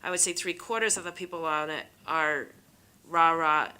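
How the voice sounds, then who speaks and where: A woman's voice: lowish voice, fairly quick, pushed and bright, smooth. A woman on a commission, explaining things in a loose, informal way during a committee meeting. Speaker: commission member.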